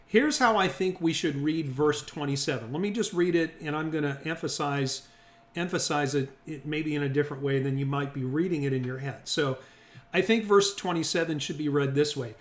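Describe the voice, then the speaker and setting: A man's voice: fairly high pitch, moderate pace. Man teaching a Bible class, echoey room. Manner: reasoning aloud, checks in with the group often. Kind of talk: interactive Bible lesson.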